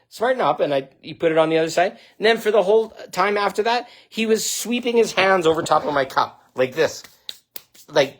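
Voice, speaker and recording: A man talking straight to camera in a spiritual monologue, blunt and profane, swinging between loud outbursts and low, intense delivery. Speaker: spiritual vlogger.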